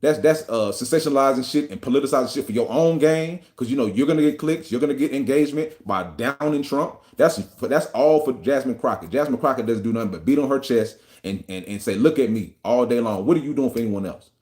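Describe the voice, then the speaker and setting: A man's voice: mid-range voice, fast, few pauses, a little mellow. A man hosting a podcast, ranting in a profane, combative and mocking way about politics. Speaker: podcast host. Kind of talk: opinion rant on a podcast.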